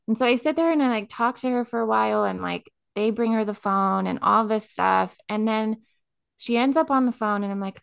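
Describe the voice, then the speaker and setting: A woman's voice: mid-range voice, normal speed, creaky, clear, resonant tone, dry recording, studio quality. A woman co-hosting a podcast, telling a personal story in casual chat, filling her speech with "like" and getting emotional. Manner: filler-heavy, says "like" constantly, emotional. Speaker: podcast co-host.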